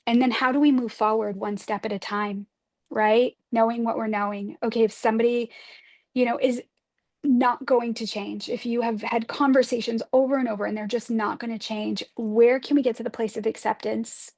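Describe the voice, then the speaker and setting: A woman spiritual advisor in a livestream talk, speaking gently and earnestly, often posing reflective questions to her listeners. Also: fairly high pitch, steady tone, normal speed.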